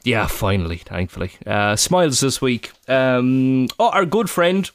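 Lively Irish man telling stories. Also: medium pitch, unhurried, no echo. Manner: storytelling with voices and laughter. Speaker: podcast co-host. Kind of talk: casual chat.

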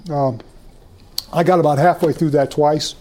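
An older man teaches a church group in a loose, storytelling way, doubling back and repeating himself as he goes. His voice is mellow and warm and sits a little higher than most men's. He talks to the room like a friend joking with his audience. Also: steady tone, normal speed. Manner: folksy, rambling, self-deprecating, repeats words. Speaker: speaker at a church conference. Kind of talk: informal teaching talk with stories.

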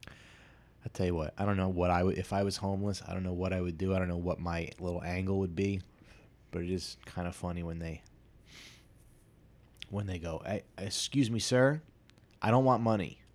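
Low-voiced man rambling through a podcast. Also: level tone, brisk, pauses often, darkish tone. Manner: rambling, self-deprecating storytelling with many asides and restarts. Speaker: podcast host. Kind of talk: casual solo podcast monologue.

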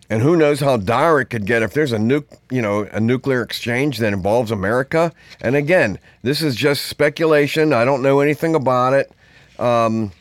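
A man hosting a podcast in a loose, rambling monologue, his voice sitting at an ordinary middle pitch. He drifts through asides in an easy, conversational way. The sound is dry and close to the mic, with no room echo. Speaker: podcast host. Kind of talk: casual monologue.

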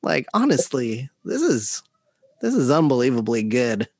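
A man co-hosting a casual podcast at a middle pitch, recorded dry and close. He talks playfully and eggs the others on. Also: very animated, unhurried, no echo. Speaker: podcast co-host. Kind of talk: casual chat.

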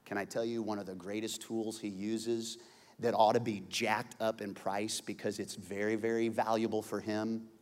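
A man preaching a sermon as a pastor, conversational, stumbling over repeated words and building to loud emphasis. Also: lowish voice, level tone, moderate pace. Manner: conversational, repeats words when searching, jokes and laughs, climbs to shouting. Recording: long hall reverb.

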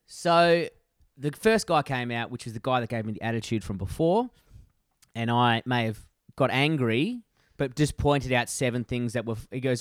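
A man's voice: medium pitch, lively intonation, normal speed, no echo, studio quality. A man co-hosting a casual podcast over a video call, ranting and swearing as he tells a story with lots of energy. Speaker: podcast co-host.

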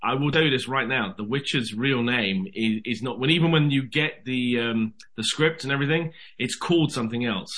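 Lively British actor with a bright voice. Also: male voice, medium pitch, fairly quick, few pauses. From Britain. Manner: animated storyteller, says "mate". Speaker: actor guest. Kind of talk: casual interview chat.

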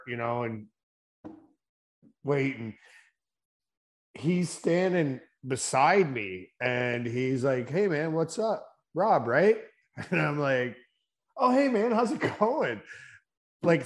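A man co-hosting a hockey podcast, telling stories in a loose, animated way and swearing freely. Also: mid-range voice. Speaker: podcast co-host. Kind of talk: casual chat.

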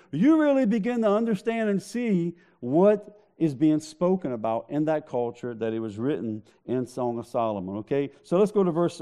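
A man's voice: on the high side, mellow. A man preaching a sermon, joking with the congregation in a conversational way. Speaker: pastor.

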